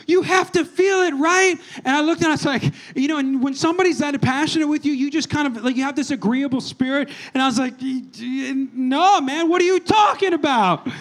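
Very high-voiced man telling a funny sermon story. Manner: humorous rambling storytelling with audience call-outs. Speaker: pastor.

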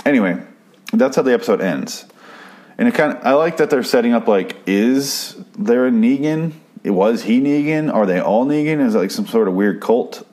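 A man's voice: mid-range voice, animated, normal speed, a little mellow. A man hosting a podcast, recapping a TV episode in a casual, profane, rambling way, often stopping and restarting his sentences. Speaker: podcast host.

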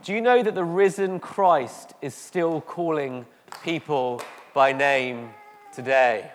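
A man preaching a sermon to a congregation, slow and emotive, with dramatic pauses. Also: on the high side, slight background noise. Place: church hall. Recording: echoey hall.

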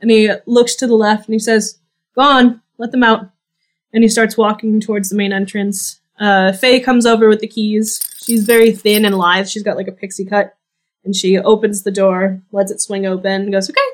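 A woman narrating as game master of a tabletop game, relaxed and often laughing. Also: mid-range voice, moderate pace. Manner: relaxed, giggly storytelling.

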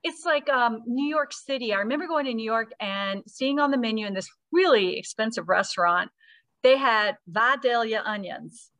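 A woman's voice: on the high side, normal speed, dry recording. Chatty woman, dry close sound. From Georgia, USA. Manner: chatty, animated storyteller. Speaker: company CEO, guest. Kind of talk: conversational interview.

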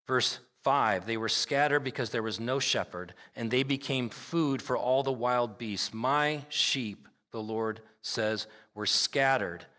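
A male pastor delivers an emphatic sermon in a pushed, bright medium-pitched voice, moving slowly yet with hardly any pauses. Long passages of scripture are read aloud, and he stresses key points through repetition. A long hall reverb surrounds the recording.

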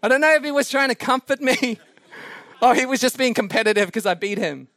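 A male preacher telling a sermon anecdote in an animated, self-mocking way. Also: very high voice, a little fast, dry recording. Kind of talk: sermon storytelling.

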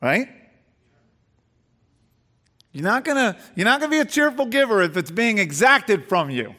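A man's voice: sing-song, normal speed, pushed and bright, long reverb tail. A male pastor preaching a sermon to his congregation. He asks the congregation questions, restarts phrases, and builds emphatically as he goes. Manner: emphatic preaching that rises in pitch and volume as he builds. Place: church sanctuary with long reverb.

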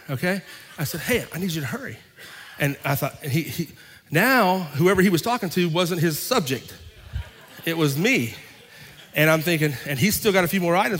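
A male pastor with a fairly high voice tells a sermon story with lively acted-out dialogue. His voice rings with the long reverb of a big sanctuary. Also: brisk. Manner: animated storyteller acting out both sides of an argument. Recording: long reverb of a large hall.

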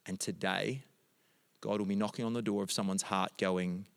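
A man's voice: fairly low pitch, steady tone, normal speed, vocal fry, long reverb tail. A middle-aged man, a pastor telling a family story in a sermon and moving into emphatic prayer.

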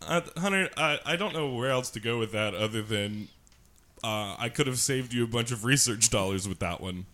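Brief: male podcast host, jokey, giggly, bright and very animated. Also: medium pitch, normal speed. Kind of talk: casual podcast banter.

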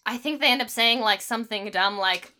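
A woman's voice: a little high, brisk, sharp tone. A woman in a casual film discussion, criticizing a movie with sarcasm and frequent fillers. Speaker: podcast co-host.

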